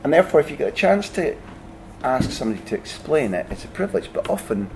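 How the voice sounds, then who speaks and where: A man's voice: a little high, big pitch swings, quick pace, creaky, background noise. A man hosting a podcast interview, asking long, searching questions scattered with fillers. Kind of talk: casual conversation.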